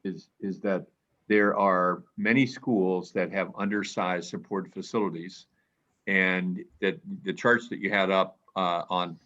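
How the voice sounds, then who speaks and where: Older man, very low voice, bright edge, halting and repetitive, dull lo-fi audio. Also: fairly even intonation. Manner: halting, repeats words, clears throat. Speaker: panelist. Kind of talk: panel discussion comment.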